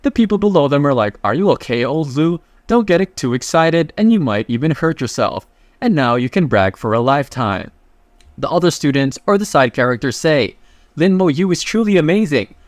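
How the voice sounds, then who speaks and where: A man's voice: on the high side, sing-song, normal speed, dry recording. Chatty, slangy male recap narrator. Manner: loose, chatty, slangy retelling. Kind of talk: casual story recap narration.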